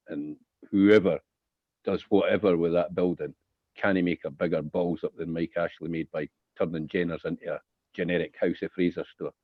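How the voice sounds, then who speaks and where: A Scottish man with a very low voice offers wry, opinionated remarks on current affairs. His audio is dry and narrow, like a phone line. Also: no echo. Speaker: panelist. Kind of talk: casual political chat.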